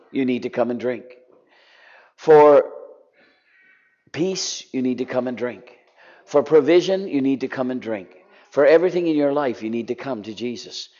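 Impassioned preacher, lo-fi recording. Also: male voice, medium pitch. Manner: impassioned, drops to soft pleading. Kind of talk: sermon. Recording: dull lo-fi sound.

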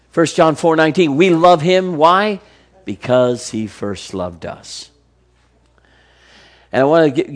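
A man preaching a sermon, reading verse after verse of scripture and swinging between soft, slow passages and emphatic, rising exclamations. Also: mid-range voice.

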